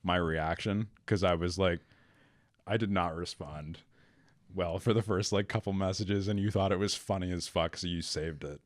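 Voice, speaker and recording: A young man co-hosting a podcast, telling a story with lots of swearing and lively re-enactment. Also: low voice, normal speed. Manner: animated storyteller, swears freely. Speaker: podcast co-host. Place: podcast recording room.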